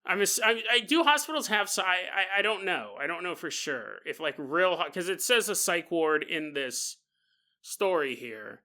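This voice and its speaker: A man hosting a casual, comedic paranormal podcast, animated and jokey with a sing-song delivery. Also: sits high, normal speed. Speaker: podcast host.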